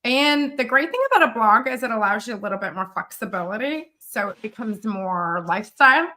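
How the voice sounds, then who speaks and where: A woman from the American South hosting a casual live-stream chat as a business coach, talking in an animated way with many fillers. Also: on the high side, brisk. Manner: chatty, animated, frequent fillers and laughs. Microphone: studio live-stream mic.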